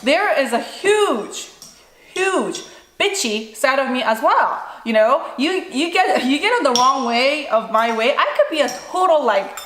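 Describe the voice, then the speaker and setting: Mukbang mom, playful and joking, slightly high, recorded in an echoey kitchen. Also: female voice, a little slow, a little hiss or hum. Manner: animated, playful and self-mocking. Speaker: mukbang vlogger, mother. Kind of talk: casual chat while eating. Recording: echoey room with faint dish clatter.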